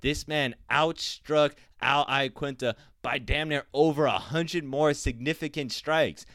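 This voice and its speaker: A man in a fight commentary vlog, blunt and opinionated, swearing freely as he talks. His voice is smooth and clear, recorded dry and close. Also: fairly high pitch, measured pace, a bit bright, no room sound. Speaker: MMA commentator.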